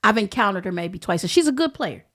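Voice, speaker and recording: A woman with a Southern American accent, a podcast guest telling stories in casual chat, animated and profane. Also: mid-range voice, quick pace.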